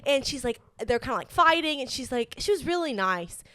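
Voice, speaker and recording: A woman's voice: sits high, lively intonation, a little fast, sharp tone, clear, resonant tone, dry recording. Young woman telling a story, dry close mic. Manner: chatty, many "like" fillers, earnest. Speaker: podcast co-host. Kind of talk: casual storytelling chat.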